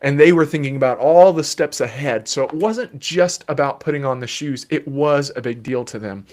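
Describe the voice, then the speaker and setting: Calm explanatory male therapist. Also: mid-range voice, moderate pace. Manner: calm, explanatory, gently playful. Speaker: children's therapist. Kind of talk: live Q&A parenting advice.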